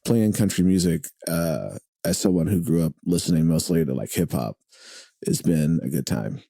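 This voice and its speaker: Recorded at the host's home, a man who drums and hosts radio talks as a podcast guest in a rambling interview full of fillers and restarts. His deep, warm, creaky voice has lively intonation and normal speed, with clean studio sound and no echo.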